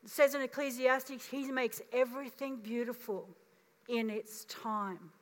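A woman in her fifties preaching a sermon as pastor, telling her story in a lively way and acting out the voices. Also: on the high side, unhurried. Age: 50s. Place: church auditorium. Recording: long reverb of a church hall.

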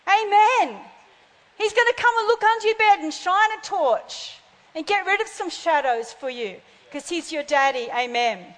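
High-voiced woman preaching in a reverberant hall. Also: lively intonation, moderate pace, a bit bright. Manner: fervent, calls out to congregation. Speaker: pastor. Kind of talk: sermon.

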